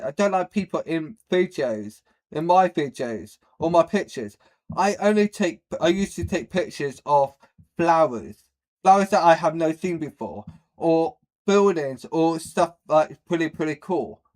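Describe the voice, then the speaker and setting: A man's voice: a little high, expressive, measured pace, a little mellow. A man hosting a reaction video, who rambles bluntly with many fillers and says he has a speech problem. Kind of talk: casual reaction commentary.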